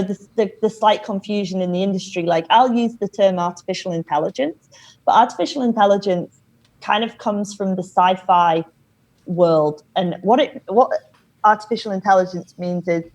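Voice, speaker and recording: A woman's voice: mid-range voice, rough recording. Woman explaining as podcast guest. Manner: explanatory, measured, lots of "you know". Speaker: company founder, podcast guest. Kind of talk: casual interview talk.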